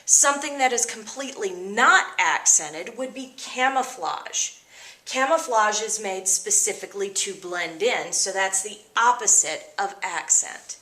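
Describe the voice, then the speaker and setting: A woman teacher explaining vocabulary words to her students in an upbeat, expressive way. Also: mid-range voice, unhurried, reverberant. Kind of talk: vocabulary lesson.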